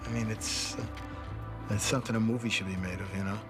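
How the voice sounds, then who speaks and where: A man's voice: fairly low pitch, fairly even intonation, fast. A man reflectively recounting memories in an interview. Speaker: interviewee, family friend. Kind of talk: casual recollection. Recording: interview with music behind.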